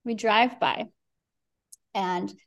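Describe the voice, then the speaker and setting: A middle-aged woman guest on a podcast, telling a story in a lively way, acting out quotes and swearing freely. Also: medium pitch, very slow, vocal fry. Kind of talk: animated storytelling.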